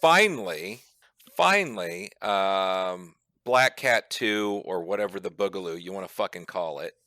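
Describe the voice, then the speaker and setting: A man's voice: low-pitched, fairly even intonation, moderate pace, fairly bright tone, no echo, studio quality. A man co-hosting a podcast, ranting and joking with casual swearing. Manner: profane, joking rants. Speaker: podcast co-host. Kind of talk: casual chat.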